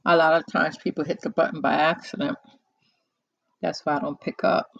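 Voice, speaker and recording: A host of a live call-in talk show chatting casually into a close microphone, unhurried and musing, with many pauses and fillers. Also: medium pitch, fairly even intonation, vocal fry, fairly bright tone, no room sound, highs cut off.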